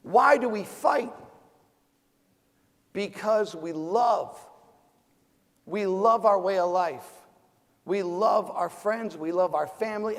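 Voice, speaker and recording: A man in his forties, a decorated veteran on a forum panel, giving a fired-up speech full of rhetorical questions. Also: high voice. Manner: fiery, rhetorical questions, loud bursts. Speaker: Medal of Honor recipient panelist. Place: large event hall. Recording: hall reverb.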